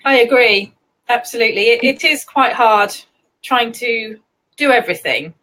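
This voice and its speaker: An English woman hosting a casual live chat, chatty and quick to giggle. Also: on the high side, pushed and bright, rough recording. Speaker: host.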